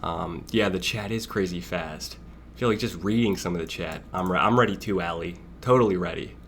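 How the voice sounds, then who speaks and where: A man's voice: deep voice, fairly quick, slight background noise. Chatty young man hosting a live stream. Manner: rambling, chatty, greets chat by name, laughs often. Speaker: livestream host. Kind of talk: casual live stream chat.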